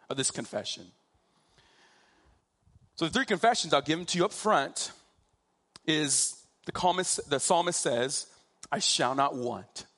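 A man preaching a sermon, slow and emphatic, drawing out key phrases for weight. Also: a little high, a bit bright.

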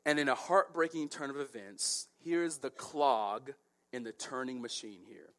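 A male preacher giving expository Bible teaching, animated and acting out the story in voices. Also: mid-range voice, a little slow.

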